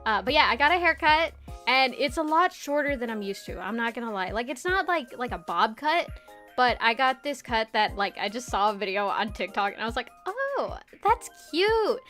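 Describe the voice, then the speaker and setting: High-voiced giggly young woman streamer. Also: expressive, a little fast, sharp tone, faint music behind. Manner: chatty, giggly, swears casually. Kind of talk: casual livestream chat.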